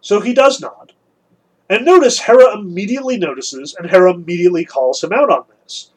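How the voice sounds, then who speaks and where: Male lecturer, high voice, conversational and emphatic with wry asides. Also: brisk, a little mellow, slightly rough, low-quality recording. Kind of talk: casual lecture on a classic text.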